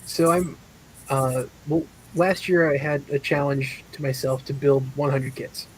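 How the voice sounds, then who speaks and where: A man co-hosting a casual chat, relaxed and agreeable, often hesitating before he speaks. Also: medium pitch, measured pace, breathy edge, poor audio.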